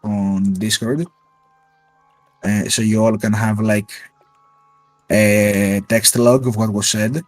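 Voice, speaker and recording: A man's voice: lowish voice, flat delivery, slow pace, long pauses, no echo, faint music behind. A man narrating a tabletop role-playing game as game master, descriptive with fillers and asides.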